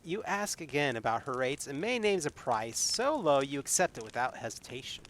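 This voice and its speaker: A man's voice: mid-range voice, very animated, moderate pace, fairly bright tone, slight background noise. A man streaming a solo tabletop adventure, reading its text aloud and adding wry asides. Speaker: solo game player and streamer.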